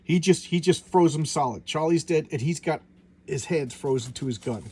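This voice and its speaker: A man's voice: a little high, normal speed, warm tone, a little hiss or hum. A man chatting casually while reviewing a comic book, rambling and often tripping over his words and names.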